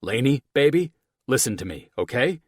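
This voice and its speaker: A firm doctor husband gives commands in a lively, slightly raised voice, as a male narrator plays him. His instructions are clear and the recording is dry and close. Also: mid-range voice, normal speed, no echo, voice pushed up. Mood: firm instructing. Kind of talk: audiobook character voice.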